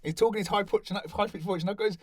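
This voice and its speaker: Fast-talking man telling stories. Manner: animated, acts out other people's lines in higher voices. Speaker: interviewee. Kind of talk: candid storytelling interview.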